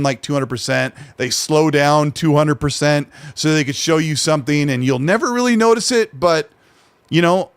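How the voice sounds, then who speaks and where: A male podcast host talking about games in loose, rambling chat that keeps correcting itself. His voice sits a bit high for a man, and the sound is dry and close. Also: no echo. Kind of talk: casual gaming podcast chat.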